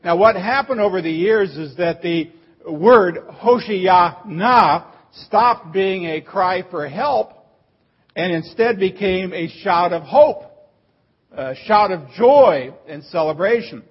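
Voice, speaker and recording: A man's voice: high voice, lively intonation, takes it slowly, husky, dull audio. A man preaching a sermon as pastor, explaining a word like a teacher and rising to emphatic cries on the phrases he quotes.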